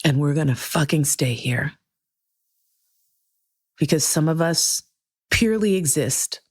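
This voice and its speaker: Low, slow-talking woman podcast host. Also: lively intonation, darkish tone, breathy edge. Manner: earnest, emotional, swears freely, slow deliberate phrasing. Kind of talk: heartfelt solo podcast monologue.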